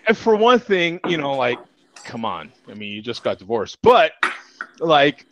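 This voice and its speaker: A middle-aged man telling a story in casual chat. He is animated, laughs a lot and keeps asking "you know what I'm saying" over a video call. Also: on the high side, measured pace, noisy background. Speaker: regular panelist. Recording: dull lo-fi video call audio.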